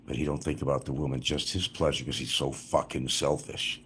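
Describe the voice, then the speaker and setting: Deep husky man telling crude stories. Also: fairly even intonation, fairly quick, fairly bright tone. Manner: crude, profane and rambling. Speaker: livestreamer. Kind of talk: rambling livestream storytelling.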